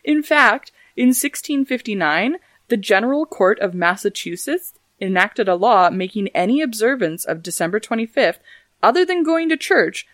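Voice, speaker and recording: A woman hosts a laid-back history podcast at a middle pitch. She reads her facts in an easy, conversational way and drops in wry little jokes between them. The sound is dry and close, with no room echo. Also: animated, moderate pace, fairly bright tone. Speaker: podcast host. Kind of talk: casual history podcast chat.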